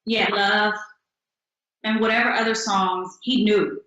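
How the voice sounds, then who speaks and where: A young adult woman, a singer-songwriter, telling stories in a casual interview with an upbeat, animated manner and acted-out quotes. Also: mid-range voice, measured pace. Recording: echoey room.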